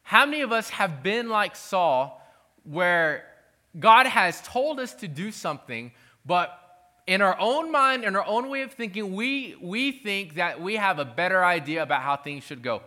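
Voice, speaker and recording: Male pastor, sermon delivery, high and bright, earnest pleading tone with frequent restarts. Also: very animated, unhurried.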